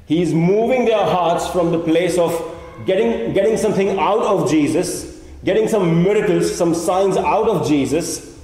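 A pastor delivering a sermon, animated and acting out imagined prayers and complaints as he teaches. He is a man with a fairly high, warm, mellow voice. The sound rings with long reverb in a large, echoey church hall.

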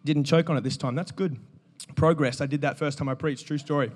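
A man, preaching an energetic sermon and joking with the congregation. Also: a little high, fairly quick. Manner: animated, joking, calls out to the congregation. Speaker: pastor. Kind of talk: energetic sermon with audience banter.

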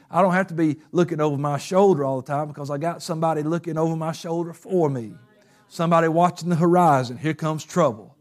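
Fervent preacher man, higher voice. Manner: preachy, builds to fervent shouts. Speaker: pastor. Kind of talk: sermon.

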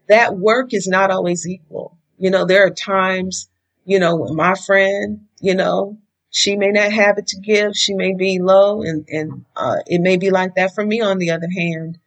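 A woman's voice: medium pitch, low-quality recording. A woman giving friendship advice in a casual, conversational way, often saying "you know".

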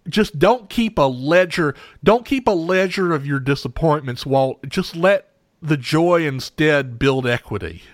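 A man's voice: fairly high pitch, a bit bright, no room sound, clean studio sound. A man hosting a radio show in scripted comedic banter, emotional and rambling, with frequent sighs and repeated words.

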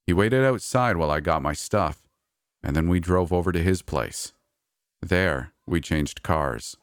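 A man narrates a serialized first-person story in a measured, even way. His voice is very low and deep. The recording is dry, with no room echo.

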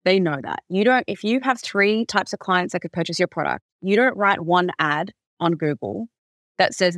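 Brief: woman business founder as podcast guest, lively storyteller, dry close sound. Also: on the low side, a little fast, dry recording. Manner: animated storyteller, heavy use of "like". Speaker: recruitment company founder, guest. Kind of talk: conversational podcast interview.

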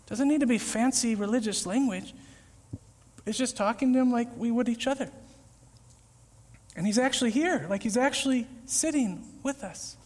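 A man preaching a casual, conversational sermon, acting out little scenes with sudden shouts and whispers. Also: very high-pitched, normal speed, pauses often. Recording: echoey hall with long reverb.

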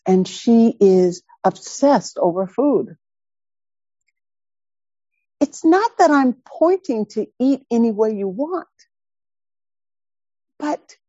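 A woman teaching Buddhist dharma, telling a personal story in an animated, emphatic way and repeating words for stress. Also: fairly high pitch, no echo, muffled recording. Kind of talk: dharma talk with personal anecdote.

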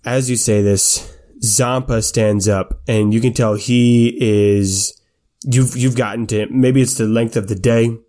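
A man narrating a tabletop game as its game master. He talks in a relaxed, halting way and often repeats words. His voice is mellow and warm. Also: mid-range voice.

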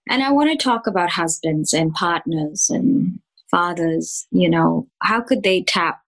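Woman, podcast host, lowish pitch, encouraging, conversational. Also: a little slow, creaky, low-quality recording. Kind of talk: interview conversation.

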